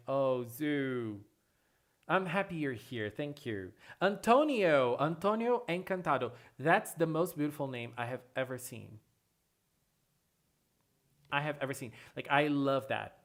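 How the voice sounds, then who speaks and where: A streamer hosting a casual livestream, chatting with viewers and answering chat in an excitable way, often repeating phrases. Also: medium pitch, measured pace. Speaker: livestream host reading chat.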